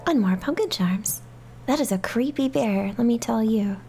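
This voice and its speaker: A woman hosting a game playthrough with playful, chatty commentary. her voice sits a little high, and faint music runs underneath. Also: lively intonation, normal speed. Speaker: gaming channel host. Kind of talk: playful let's-play commentary.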